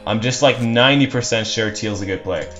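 A man's voice: medium pitch, a little fast, a bit bright. A man giving casual live commentary over his own strategy game match, rambling and self-deprecating with dry sarcasm. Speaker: gameplay commentator. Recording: dull lo-fi mic with faint music.

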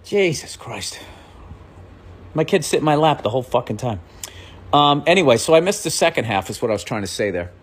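A man's voice: mid-range voice, sing-song, brisk, pauses often, breathy edge. A man talking on a podcast, ranting with exasperation and profanity, voice swinging up and down. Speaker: comedian. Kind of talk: podcast rant.

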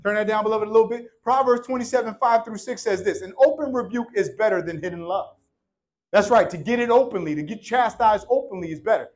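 High-voiced animated male preacher. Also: fast talker, rough recording. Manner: animated, joking, swings from shouting to hushed. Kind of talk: sermon.

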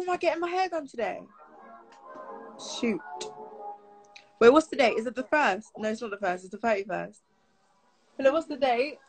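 A woman's voice: fairly high pitch, poor audio. A teenage girl from Britain, chatting casually on a live stream and answering viewer comments aloud.

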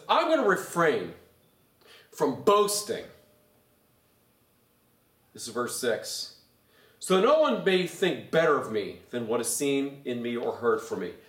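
Lively pastor in an echoey hall. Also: male voice, mid-range voice. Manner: animated, sarcastic, gets loud when excited. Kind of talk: Bible study teaching. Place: church. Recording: echoey room, mic far off.

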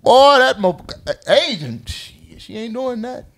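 A man hosting a casual group chat, loud and animated, laughing and cursing as he talks. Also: very high-pitched, a little slow. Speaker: podcast host.

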